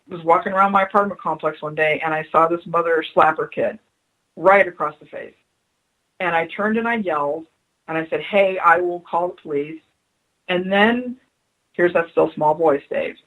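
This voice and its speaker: A woman's voice: fairly low pitch, fairly bright tone, rough recording. A woman being interviewed on radio as a spiritual adviser, telling stories earnestly and repeating her key phrases for emphasis. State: choked up.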